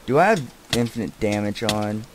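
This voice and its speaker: An easily distracted young man talking his way through a game, jumping from one thing to the next. He breaks into loud outbursts and swearing at the characters on screen. Faint noise and clicking sit under his voice. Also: on the low side, expressive, normal speed. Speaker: gameplay commentator. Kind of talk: casual game commentary.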